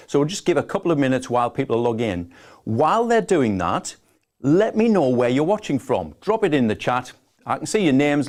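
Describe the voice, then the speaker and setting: A man's voice: mid-range voice, a little mellow. A man with a northeast English accent hosting a live business webinar, chatty and enthusiastic as he greets viewers and presents. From northeast England. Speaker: webinar host. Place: home office.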